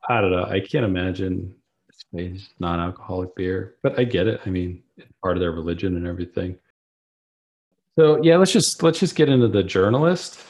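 A man co-hosting a podcast, recapping a TV episode in a relaxed way with lots of filler words. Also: low voice, moderate pace. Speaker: podcast co-host. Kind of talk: casual chat.

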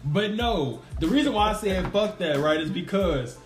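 A man hosts a loose podcast chat, his voice swinging widely as he slips in quick impressions and curses. The room rings with echo. Music plays faintly underneath. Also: sits high. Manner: animated, mimics voices, swears freely. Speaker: podcast host. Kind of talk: casual chat. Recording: echoey room with music behind.

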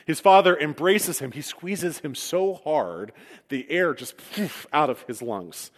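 A man's voice: fairly high pitch, expressive, slow pace. A man preaching a sermon, retelling a story with humorous asides. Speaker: pastor. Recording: long reverb of a large hall.

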